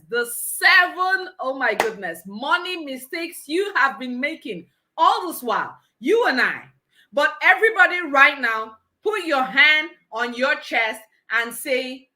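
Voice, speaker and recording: A woman hosts a live conference with exuberant energy, exclaiming and laughing often. Her voice is high and bright, and she takes her time between her words. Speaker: conference host. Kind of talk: energetic live event hosting.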